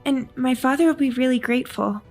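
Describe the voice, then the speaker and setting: A woman's voice: high voice, brisk, soft background music. A woman voicing a timid, hesitant little girl. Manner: hesitant, soft-spoken.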